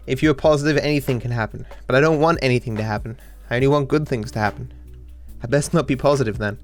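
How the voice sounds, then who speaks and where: A young Australian man giving casual commentary over a speedrun, sarcastic and self-deprecating, with sudden excited outbursts. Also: mid-range voice, fast, soft background music. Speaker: speedrunning streamer.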